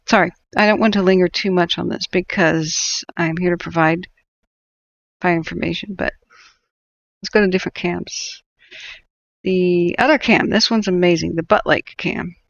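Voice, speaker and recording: A woman's voice: on the low side, gravelly, lo-fi sound. A woman hosting a wildfire-tracking livestream, giving sardonic, rambling commentary and laughing often. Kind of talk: live stream commentary.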